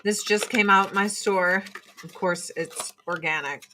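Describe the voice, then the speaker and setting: A woman's voice: mid-range voice, unhurried, background noise. A woman hosting a casual livestream, swearing freely and mimicking people in mocking voices as she rants and shows products. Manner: profane, animated, mocking voices in quotes. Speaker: livestream host selling products.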